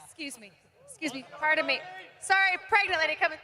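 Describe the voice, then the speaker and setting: Very high, bubbly woman in a roaring arena. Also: fast. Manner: bubbly, hypes the crowd loudly. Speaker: crowd interviewer. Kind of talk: live arena crowd interviews. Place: large indoor arena among the crowd. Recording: roaring arena crowd behind.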